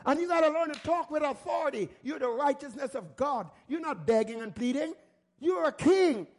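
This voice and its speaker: A male pastor delivers a sermon in a strikingly high voice. He drives each point home with repetition and fires rhetorical questions at his listeners. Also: animated, moderate pace.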